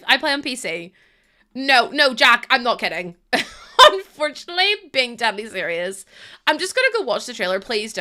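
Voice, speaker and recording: Bright-voiced chatty woman streamer. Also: high voice. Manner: chatty, laughs often, reads out and thanks chat. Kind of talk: casual live-stream chat.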